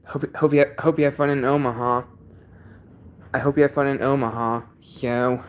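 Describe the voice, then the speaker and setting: A man's voice: mid-range voice, fairly even intonation. A man chatting casually on his own livestream from a basement, sounding congested and often repeating himself as he talks. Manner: halting, repeats each sentence. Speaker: livestream host.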